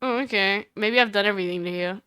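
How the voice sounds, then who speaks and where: Brief: rambling self-mocking streamer woman, bright clear voice, dry close mic. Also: mid-range voice, fast, dry recording. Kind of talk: casual game-playing chat.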